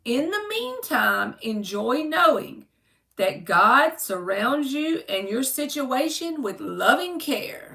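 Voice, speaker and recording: A woman's voice: on the high side, sing-song, takes it slowly, gravelly, bright, forceful tone, distant mic. A woman doing a chatty, joking tarot reading for her viewers, calling them by name. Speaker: tarot reader. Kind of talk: casual live-stream tarot reading. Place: home room.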